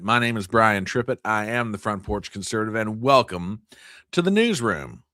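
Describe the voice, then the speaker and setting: A man's voice: lowish voice, a bit bright, no echo. A man hosting a casual livestream news chat, joking playfully and bantering with viewers in the chat. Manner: playful, self-mocking, banters with live chat. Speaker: host.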